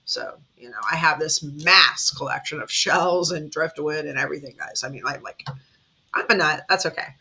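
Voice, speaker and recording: A woman talking casually to her viewers as a tarot reader, animated and dramatic, often breaking into laughter. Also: deep voice, normal speed, creaky, husky. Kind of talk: casual chatty reading to viewers.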